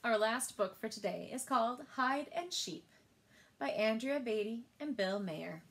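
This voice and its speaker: Expressive woman reading picture books. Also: on the high side, unhurried. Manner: expressive, sing-song storytelling. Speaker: librarian.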